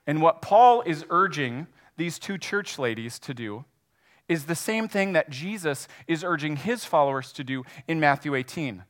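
A man preaching a sermon, retelling a parable in a lively, animated way. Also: a little high, moderate pace. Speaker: pastor. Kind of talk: sermon storytelling.

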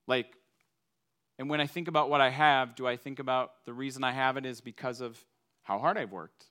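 A man's voice: medium pitch, fairly even intonation, a little fast, sharp tone, smooth. A man from Minnesota giving a conversational sermon to a congregation, using everyday examples. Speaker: preacher.

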